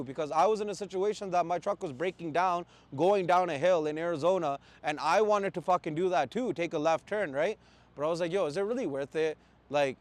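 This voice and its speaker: A man from Canada, a truck driver, ranting in blunt, profane casual talk with angry outbursts. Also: high-pitched. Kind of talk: heated casual rant.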